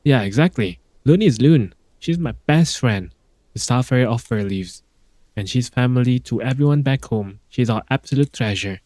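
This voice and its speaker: A man's voice: medium pitch, lively intonation, moderate pace, darkish tone, no room sound, natural voice. An earnest loyal young hero, voiced by a man. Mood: defiant. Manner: earnest and emphatic. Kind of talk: reading game dialogue aloud.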